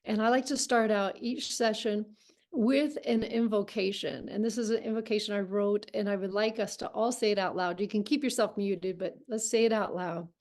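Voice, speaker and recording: A woman leading a healing writing workshop on a video call, speaking in a gentle, encouraging and reflective way. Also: mid-range voice, steady tone, moderate pace.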